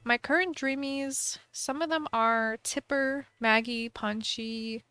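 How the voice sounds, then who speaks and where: A woman chatting casually to her viewers while playing a game, excitable and chatty. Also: fairly high pitch, slow, smooth, dry recording, faint music behind. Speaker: gaming streamer. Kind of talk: casual gameplay commentary.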